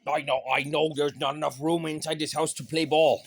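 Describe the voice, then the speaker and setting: A man's voice: fairly high pitch, little pitch movement, a little fast, creaky, few pauses. A man indoors doing playful baby talk to his dog, teasing in a sing-song way and repeating each phrase. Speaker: pet owner filming his dog. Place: inside a house.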